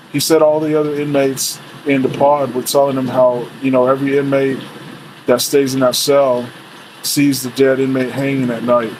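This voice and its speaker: A man's voice: medium pitch, a little mellow, poor audio. A man in a middle register tells a true story from his time as a corrections officer. He rambles loosely and leans on fillers, with a bit of swearing. Faint rainy background noise sits under the voice. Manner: loose, rambling, many "you know" fillers, swears freely. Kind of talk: casual spoken true story. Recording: faint rain and room noise behind.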